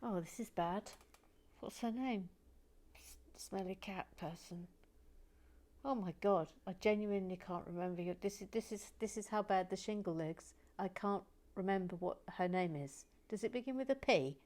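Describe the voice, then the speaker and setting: A woman hosting a building video, chatting casually and self-deprecatingly, slipping between whispers and soft talk. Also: mid-range voice, moderate pace. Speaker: host of a building channel. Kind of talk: casual chat while building, partly whispered.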